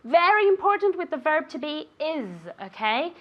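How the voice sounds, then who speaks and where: A woman's voice: high-pitched, lively intonation, moderate pace, muffled recording. A woman teaching an English lesson on a show, encouraging a student and the viewers at home, often checking in with "okay?". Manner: encouraging, ends phrases with "okay?".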